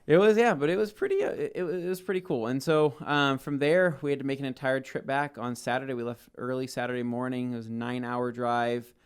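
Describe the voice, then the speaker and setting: Smooth-voiced man telling a story. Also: medium pitch, fast, hardly any pauses. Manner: animated storyteller, acts out quoted voices. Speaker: podcast co-host. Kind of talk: casual storytelling chat.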